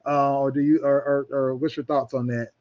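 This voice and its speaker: A man's voice: medium pitch, flat delivery, normal speed, a little mellow, dull audio. A man hosting a talk radio show in casual chat, rambling with many restarts.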